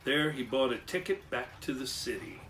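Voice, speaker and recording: A man's voice: mid-range voice, sing-song, normal speed, a bit bright, distant mic, slight background noise. A man reading a children's story aloud with expression, acting out animal and machine sounds along the way. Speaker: storyteller and clockmaker.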